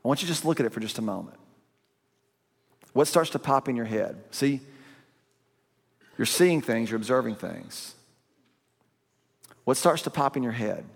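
A man preaching a sermon in a conversational, animated way, breaking into sudden loud bursts. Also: medium pitch, normal speed, creaky, pauses often. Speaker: pastor. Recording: long hall reverb.

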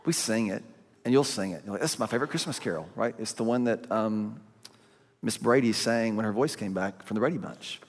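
A man preaching a sermon in a conversational, animated way, breaking into sudden loud bursts. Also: fairly low pitch, moderate pace. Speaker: pastor. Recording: long hall reverb.

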